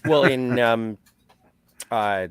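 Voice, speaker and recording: A man's voice: medium pitch, extremely slow, clean tone. A man co-hosting a casual review chat, rambling and poking fun at himself. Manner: rambling, self-deprecating. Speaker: podcast co-host.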